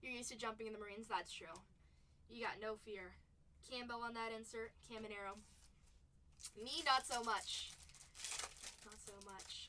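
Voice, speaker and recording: Bright, chatty card-break host woman. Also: sits high, far from the mic, slight background noise. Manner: chatty, calls out cards between stories, laughs often. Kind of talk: casual live-stream chat while opening card packs.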